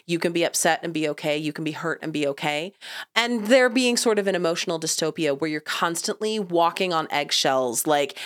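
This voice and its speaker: A woman's voice: lowish voice, a little fast. Emphatic woman podcast co-host. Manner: expressive, emphatic. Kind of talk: casual chat.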